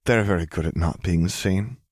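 A man's voice: low voice, moderate pace, a little mellow, dry recording, clean studio sound. A man reading a cool, self-assured woman warrior. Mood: dry.

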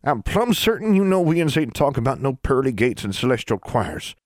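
A man's voice: medium pitch, very animated, normal speed, no room sound, pitched above the performer's own voice, lightly acted. A man voicing a kindly elderly Ozark granny witch with a folksy drawl.

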